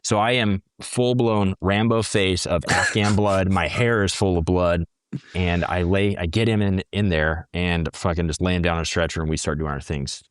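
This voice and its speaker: A man's voice: low voice, fairly even intonation, normal speed, smooth, no echo, clean studio sound. A man, a former Navy corpsman guest, telling stories casually in blunt, profane talk. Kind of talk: casual storytelling.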